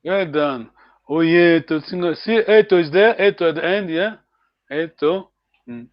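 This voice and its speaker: Slow, patient male language teacher. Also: fairly high pitch, dry recording, highs cut off. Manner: patient, slow, corrects pronunciation. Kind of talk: online language class.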